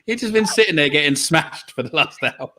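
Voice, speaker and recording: A man's voice: a little high, expressive, a little fast, sharp tone. A man hosting a casual online quiz, chatty and laughing often. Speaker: quiz host.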